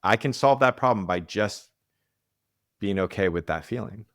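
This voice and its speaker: A man's voice: fairly low pitch, normal speed, dry recording, studio quality. A man, an executive coach, explaining ideas in a podcast interview, often restarting sentences and acting out quoted voices.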